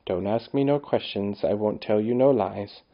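A man's voice: fairly low pitch, moderate pace, natural voice. Man reading as a curt no-nonsense maid, short and folksy, kinda lo-fi. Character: blunt redheaded housemaid, tight-lipped.

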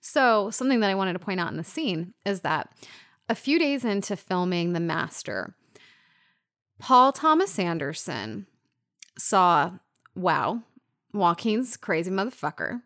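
A woman co-hosting a casual film discussion podcast, animated and swearing freely as she retells scenes. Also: lowish voice, unhurried. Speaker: podcast co-host.

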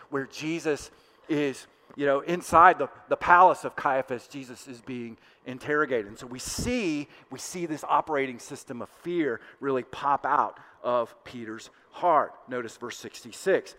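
A male pastor preaching a sermon with passion, swelling louder and then dropping to hushed asides. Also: on the high side. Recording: long hall reverb.

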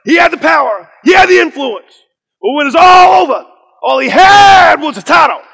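A man voicing a fiery preacher who shouts at a room of children in an emphatic, repetitive sermon style. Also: animated, normal speed, gravelly, big-room sound, full character voice. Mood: rousing. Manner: booming, emphatic, repeats phrases.

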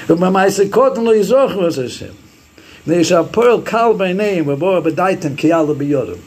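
Animated, gravelly-voiced man teaching Torah. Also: high-pitched, normal speed. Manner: animated, quotes Hebrew sources and acts out sayings. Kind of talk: Torah class lecture.

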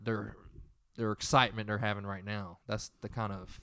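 A man's voice: lowish voice, flat delivery, moderate pace, a bit bright, smooth, no room sound. A young man casually retelling a tense story in a profane, rambling way.

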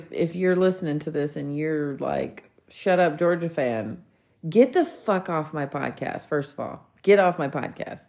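A woman, hosting a solo podcast rant, blunt, heated and full of swearing. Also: mid-range voice. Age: 40s. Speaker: podcast host.

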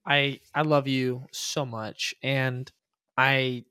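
A man's voice: mid-range voice, little pitch movement, sharp tone, clean tone, dry recording. Earnest man podcast co-host, dry sound. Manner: earnest, halting, repeats words. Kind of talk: casual chat.

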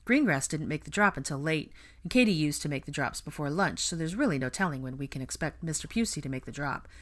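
A woman's voice: deep voice, expressive, fast talker. A woman doing an earnest, anxious young witch. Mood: concerned.

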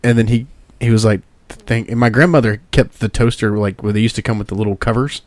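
A man's voice: fairly low pitch, steady tone, fast talker, no room sound. A man co-hosting a podcast, telling a rambling family story with plenty of laughs. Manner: rambling storyteller, laughs often, acts out quoted voices. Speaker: podcast co-host. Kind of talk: casual chat.

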